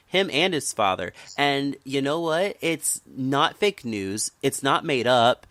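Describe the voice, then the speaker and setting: A man's voice: medium pitch, expressive, a little slow, hardly any pauses, fairly bright tone, dry recording. A man from the United States hosting a podcast, talking politics in a casual, impassioned way and repeating words when worked up. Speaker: podcast host.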